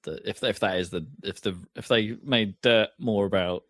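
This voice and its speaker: A man's voice: fairly low pitch, moderate pace, fairly bright tone, no room sound. A man co-hosting a podcast in casual chat, rambling with lots of restarts and fillers. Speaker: podcast co-host.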